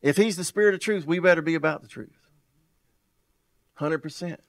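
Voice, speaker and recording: Fervent preacher man, high-pitched. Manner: fervent preaching, repeats phrases, rhetorical questions; wide swings in loudness and pace, drawn-out emphasis. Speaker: pastor. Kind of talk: sermon.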